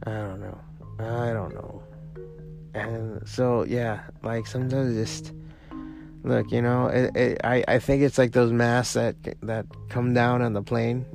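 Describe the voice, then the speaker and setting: A man with a gravelly, fry-laden voice at a middle pitch hosts a solo podcast. He rambles casually, swears freely and restarts his sentences often. Faint music plays behind him. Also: darkish tone. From part Cuban family. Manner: rambling, profane, with many restarts. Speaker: podcast host.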